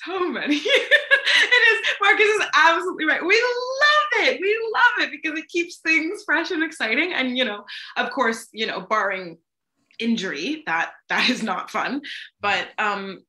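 A young woman, a stage actor, telling a funny backstage story on a video call, animated and laughing often. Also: sits high, moderate pace. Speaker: stage actor, interview guest. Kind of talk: casual anecdote on a video call. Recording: echoey room.

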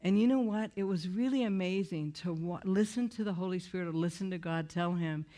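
A woman's voice: on the low side, a little fast, hardly any pauses, mellow. A woman speaking about recovery in a plain conversational manner. She is earnest and candid, and often stops to restart her sentences. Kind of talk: conversational testimony talk.

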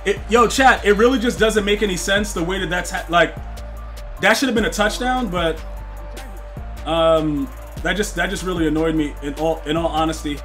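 A young man streaming a football video game live, chatting with his viewers, excitable and slangy, often repeating himself. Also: high-pitched, normal speed, faint music behind.

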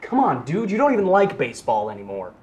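An actor playing a cocky, boastful teenage boy who fires back quick, brash comebacks in a comedy film. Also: a little high, wildly swooping pitch, a little mellow, slight background noise. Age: teens.

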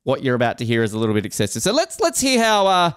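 A man's voice: medium pitch, huge pitch swings, racing, a bit bright, clear, resonant tone, dry recording, studio quality. A man hosting a podcast interview, chatty and teasing, with stumbling restarts. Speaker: podcast host. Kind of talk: casual interview.

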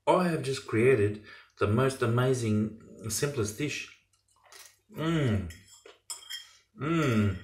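A man's voice: mid-range voice, slow. A man chatting enthusiastically to his viewers while cooking at home in his kitchen. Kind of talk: casual cooking vlog. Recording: echoey kitchen with pots and pans.

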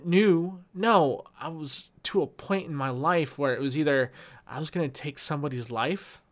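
Man, angry vlog rant, profane, mid-pitched voice, stumbles and restarts. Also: a bit bright. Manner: heated, profane, with frequent restarts. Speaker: YouTuber.

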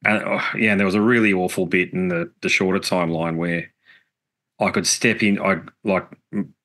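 A man's voice: sits low, steady tone, normal speed, a bit bright. A middle-aged man, a podcast guest telling a personal story in an earnest, reflective way with casual swearing. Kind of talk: casual interview chat.

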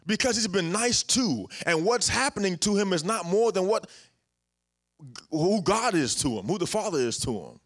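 A man's voice: high voice, a bit bright. Man preaching casually. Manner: casual, conversational preaching with anecdotes and repetitions. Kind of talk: sermon.

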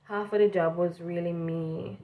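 A woman's voice: on the low side, steady tone, a little slow, phone-quality sound. A young woman from Jamaica with a strong Jamaican accent, telling a vlog story casually and animatedly, slipping between standard English and Jamaican Patois. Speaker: vlogger.

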